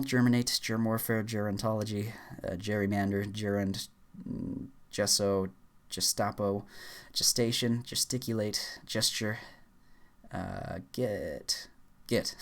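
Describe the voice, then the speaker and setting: A man's voice: on the low side, fairly even intonation. Man speed-reading a word list. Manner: rushed word-list reading with stumbles and fillers. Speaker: YouTuber. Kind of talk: rapid dictionary read-aloud challenge.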